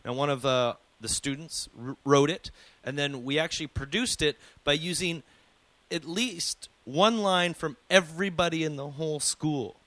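A man's voice: fairly high pitch, normal speed, a bit bright, dry recording. Joking man hosting a radio show. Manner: self-deprecating, jokey. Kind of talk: casual radio banter.

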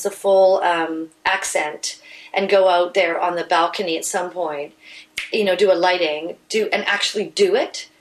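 A woman's voice: mid-range voice, poor audio. Woman stage actor talking thoughtfully. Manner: thoughtful, explains with restarts. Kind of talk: casual interview. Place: inside a house.

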